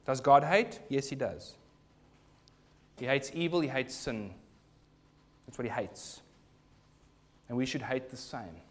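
A man's voice: medium pitch, slow pace, long pauses. A man preaching a sermon to his congregation in church, earnest and rising to emphatic bursts. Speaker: pastor.

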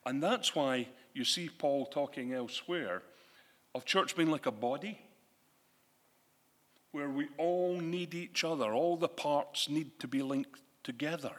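A man preaching a sermon, animated and conversational, asking his listeners questions. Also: on the high side, measured pace. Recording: long hall reverb.

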